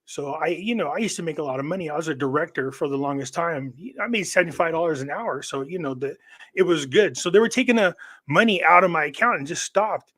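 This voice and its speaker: A man's voice: a little high, fast, fairly bright tone. A man who is a guest on a live online show, telling long stories in a rambling way and often restarting his sentences. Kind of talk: casual chat.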